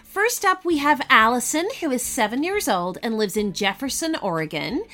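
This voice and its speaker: A woman hosting a children's story podcast, reading shout-outs and narrating a bedtime story in an expressive, soothing way. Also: a little high, normal speed.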